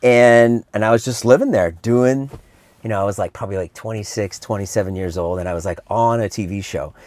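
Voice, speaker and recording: Chatty middle-aged man with a low voice. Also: brisk, no echo. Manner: chatty and animated, slips into impressions. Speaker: vlogger. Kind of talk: casual sit-down storytelling. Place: indoor room.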